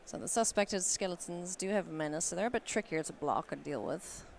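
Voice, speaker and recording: A woman doing live card game commentary at a tournament, playful and quick to laugh. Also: creaky, slight background noise. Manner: playful, laughs often, animated swings in pitch. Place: convention hall.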